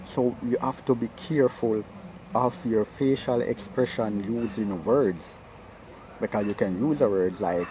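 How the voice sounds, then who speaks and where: This relationship speaker offers casual advice about marriage, earnest and repetitive, asking "right?" again and again. He speaks at a measured pace in a fairly low, mellow voice, on a low-quality recording with slight hiss or hum.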